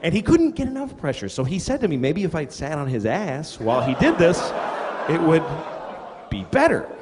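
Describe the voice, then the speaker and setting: A middle-aged man doing stand-up, his voice lively and sitting a little high as he spins crude, self-deprecating tales. It comes through a big room with a long echo. Clear crowd noise fills the space behind him. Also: moderate pace. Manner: crude, self-deprecating storytelling with acted quotes. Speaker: stand-up comedian. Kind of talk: stand-up comedy set. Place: comedy venue stage. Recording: reverberant hall with audience noise. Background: audience laughter.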